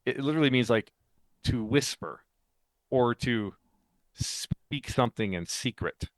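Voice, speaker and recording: A man's voice: medium pitch, lively intonation, a little slow, no room sound. A man co-hosting a faith podcast, explaining ideas in casual chat, talkative and laughing often. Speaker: podcast co-host and author.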